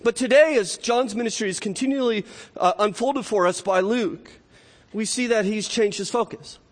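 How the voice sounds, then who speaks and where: A male pastor preaching a sermon in an earnest style, often restarting phrases and adding rhetorical asides. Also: high voice. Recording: long hall reverb.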